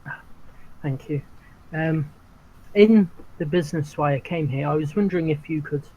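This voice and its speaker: A man's voice: on the high side, moderate pace, mellow, breathy edge, lo-fi sound. A man voicing a polite, formal male halfling adventurer who speaks courteously.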